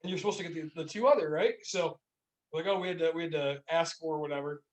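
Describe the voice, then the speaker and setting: This man co-hosts a casual beer podcast from a small room, spinning animated, meandering stories full of fillers. He speaks quickly in a fairly high voice, and the rough recording picks him up from a distance.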